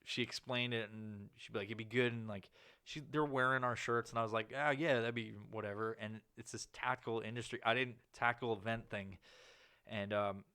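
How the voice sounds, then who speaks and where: A man's voice: fairly even intonation, a little fast, clean tone. A man hosting a podcast, telling a long story in casual chat, swearing often and rambling with fillers. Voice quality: profane, rambling delivery with many fillers. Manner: acts out quoted people with sudden loud, higher outbursts. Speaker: podcast host.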